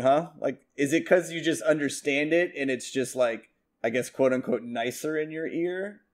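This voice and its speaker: A young American man from the United States co-hosting a podcast in casual chat, rambling and swearing with lots of fillers. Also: medium pitch. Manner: rambling, profane, with many fillers. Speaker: podcast co-host.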